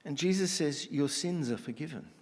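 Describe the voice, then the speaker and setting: A man preaching a conversational sermon, telling stories in a relaxed, casual way with slang and frequent restarts. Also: on the high side, normal speed, big-room sound.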